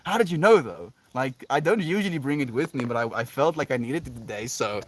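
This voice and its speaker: A man's voice: mid-range voice, animated, fairly quick, slight background noise. A South African man musing dreamily as a live streamer, reading chat comments and laughing often.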